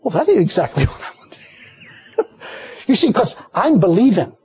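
Husky high-voiced preacher telling a story. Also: male voice, normal speed, no echo. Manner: folksy storytelling, animated, frequent laughter. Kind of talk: sermon.

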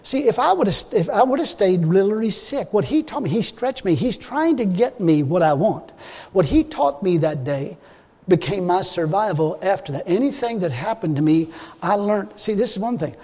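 High-voiced folksy preacher in a hall. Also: male voice, lively intonation, normal speed, slightly rough. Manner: folksy storytelling, swings from loud emphasis to quiet groans. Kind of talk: sermon testimony. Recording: long hall reverb.

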